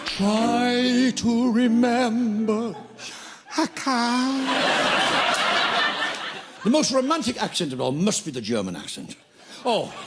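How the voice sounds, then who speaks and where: A man's voice: on the high side, heavy background noise. An older man performing a stage comedy routine, punning, giggling at his own jokes and bursting into song. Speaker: stand-up comedian. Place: theatre stage before an audience.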